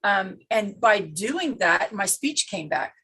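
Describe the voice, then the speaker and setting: A woman's voice: medium pitch, sing-song, slow, gravelly, bright, forceful tone, breathy edge, poor audio. A woman in casual chat on a video call, telling a personal story earnestly with restarts. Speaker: participant in a craft video call.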